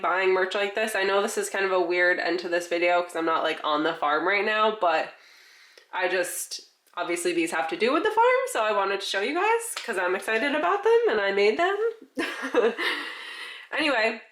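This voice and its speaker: A woman's voice: medium pitch, a bit bright, reverberant. A woman farm vlogger chatting casually with lots of filler words, congested and a little winded. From New York. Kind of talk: casual vlog.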